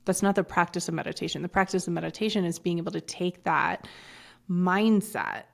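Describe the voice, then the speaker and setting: Low, gravelly woman swearing casually. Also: steady tone, fairly quick. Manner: blunt, swears freely, rambling asides. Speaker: podcast guest. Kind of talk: casual chat.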